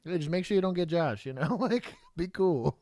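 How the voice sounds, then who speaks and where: A man's voice: fairly high pitch, moderate pace, dry recording, studio quality. A man co-hosting a casual show, reacting to police videos with profane jokes and frequent laughter. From Texas. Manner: animated, profane, laughs often. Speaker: podcast co-host, former police officer.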